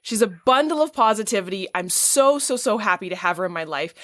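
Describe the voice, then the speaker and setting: A woman's voice: mid-range voice, lively intonation, fairly quick, fairly bright tone, no echo, clean studio sound. A woman hosting a casual podcast interview, talking in a gushing, effusive way. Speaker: podcast host.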